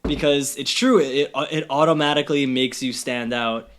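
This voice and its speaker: A man's voice: mid-range voice, steady tone, moderate pace, clear, resonant tone. A man hosting a casual podcast interview, talking in a rambling way with lots of "you know what I mean". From New York. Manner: rambling, many fillers and restarts. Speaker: podcast host.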